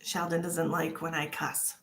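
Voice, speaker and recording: A woman's voice: deep voice, level tone, measured pace, a bit bright, a little hiss or hum. A woman hosting a casual psychic livestream from home, chatty and tired, greeting viewers by name and swearing freely. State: tired from early work hours. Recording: echoey room.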